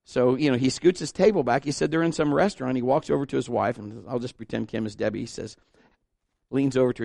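A middle-aged man preaching a sermon, telling a story and acting out the people in it, swinging between loud and hushed. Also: mid-range voice, brisk, creaky, no room sound, studio quality. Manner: animated, acts out dialogue, shifts between loud and hushed.

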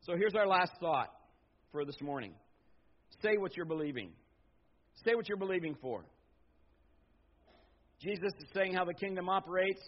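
A middle-aged man preaching a sermon as pastor, swinging from loud emphatic bursts to low, quiet stretches. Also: expressive, normal speed, long pauses. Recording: slightly dull lo-fi sound.

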